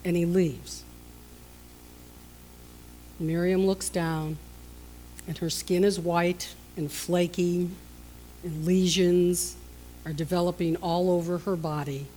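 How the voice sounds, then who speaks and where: A woman pastor preaching a sermon, telling stories and acting out the characters with lively shifts in voice. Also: takes it slowly, pauses often, slight background noise, poor audio. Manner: storytelling, acting out scenes with shifts in pitch and loudness.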